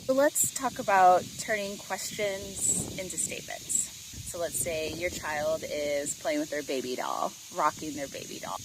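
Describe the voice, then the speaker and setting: A woman's voice: low voice, a little slow, background noise. Woman teaching parents, faint insects behind. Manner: explains gently, models phrases with exaggerated inflection. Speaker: parenting educator. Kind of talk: instructional talk to parents.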